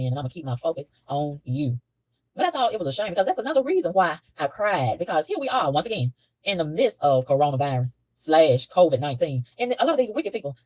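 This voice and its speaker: A low-voiced woman talks fast to camera, swinging her pitch widely as she preaches in a casual, animated way. She laughs often and repeats herself for emphasis. The sound is dry and close. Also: dry recording, low-quality recording. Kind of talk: casual spiritual monologue to camera. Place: hotel room.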